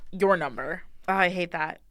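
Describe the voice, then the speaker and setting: A woman's voice: fairly low pitch, a bit bright, no room sound, clean studio sound. A young woman co-hosting a podcast, reacting and chiming in with casual chat. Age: young adult. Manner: reactive, quick to laugh. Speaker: podcast co-host.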